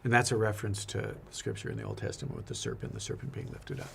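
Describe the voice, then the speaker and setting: Gravelly, earnest priest. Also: male voice, fairly low pitch, little pitch movement, fast, a little hiss or hum. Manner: earnest, reflective, repeats words often. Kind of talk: casual faith conversation.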